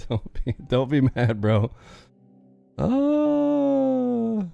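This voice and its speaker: A man's voice: very high voice, huge pitch swings, very slow, gravelly, dark tone, smooth, dry recording, highs cut off, soft background music. A man hosting a live trading stream, talking bluntly in a casual, preachy rant and laughing often.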